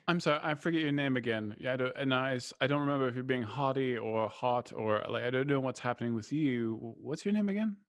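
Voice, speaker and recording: A man's voice: medium pitch, fast, hardly any pauses, no room sound, clean studio sound. A man taking part in a tabletop role-play, talking in a flustered, stammering way. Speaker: player.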